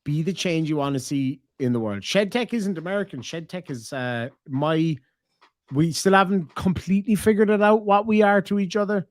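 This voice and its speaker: A man's voice: high-pitched, moderate pace, dry recording, studio quality. An Irish man chatting on a livestream, swearing often and teasing in casual banter. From Ireland. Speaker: streamer.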